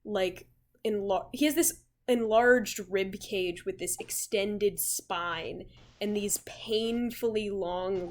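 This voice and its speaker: A young woman running a tabletop game, narrating a scene in an unhurried, halting way with many fillers. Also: mid-range voice, a little hiss or hum. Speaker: game master.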